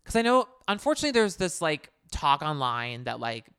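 A podcast co-host in casual chat, animated and emphatic while recapping a reality show. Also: mid-range voice, brisk, smooth, no echo, clean studio sound.

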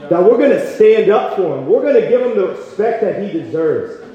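A young man preaching a passionate sermon at a campus retreat, telling a personal story with lively quoted voices. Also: high-pitched, a little fast. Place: large hall at a retreat. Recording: echoey hall, dull sound.

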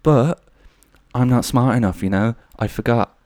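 A man's voice: mid-range voice, unhurried, darkish tone, no echo, studio quality. A man in his thirties hosting a podcast solo, rambling through jokey anecdotes. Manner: rambling, jokey, slips into silly voices. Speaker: podcast host.

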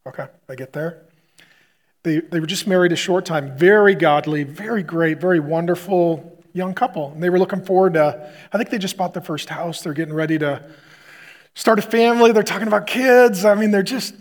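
A male pastor preaching, retelling a hospital story with loud punchy bursts that drop to a quiet hush. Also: fairly high pitch, moderate pace. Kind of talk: sermon storytelling.

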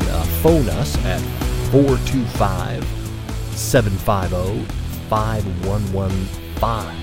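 A man hosting a podcast, reading a measured scripted introduction. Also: lowish voice. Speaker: podcast host. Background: guitar music.

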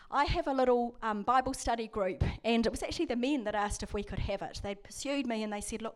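A woman, preaching a sermon as a prison chaplain in a conversational, storytelling way. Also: medium pitch. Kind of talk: sermon with scripture reading.

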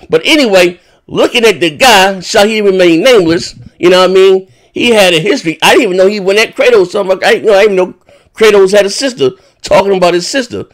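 A high-pitched male podcast host chats casually, rambling and swearing as he recounts a dispute with animated indignation.

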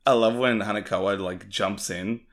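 Man, very low voice, casual enthusiastic film chat, swears freely. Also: fairly even intonation, normal speed. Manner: enthusiastic, swears often, acts out quotes. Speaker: podcast co-host.

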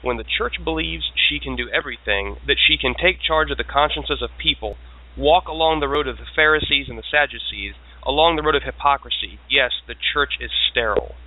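A man's voice: mid-range voice, a little fast. A man hosting the show, presenting news stories and reading quotes with a wry edge. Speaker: show host. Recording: tinny phone-like sound.

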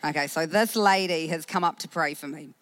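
A woman pastor in her thirties with a New Zealand accent, telling a personal faith story in a sermon, animated, acting out what people said. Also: deep voice, a little fast, dry recording. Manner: animated storytelling with acted-out quotes.

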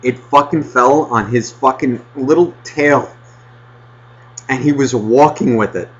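A man's voice: mid-range voice, a little slow. Swearing man telling a rambling story. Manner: rambling, heavy swearing, animated retelling. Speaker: podcast host. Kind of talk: casual storytelling chat. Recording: dull lo-fi podcast audio.

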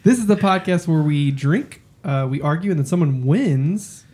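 A man's voice: a little high, expressive, moderate pace, mellow, a little hiss or hum. A man co-hosting a casual podcast over beers, joking and apologizing as he chats. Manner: jokey, laughing, self-deprecating. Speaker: podcast co-host. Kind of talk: casual chat.

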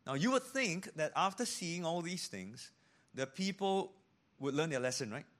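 Man, preacher, sermon, a bit high-pitched, animated, hushed asides. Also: moderate pace. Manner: animated, drops to hushed tones for emphasis; acts out quoted voices in preaching. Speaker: pastor.

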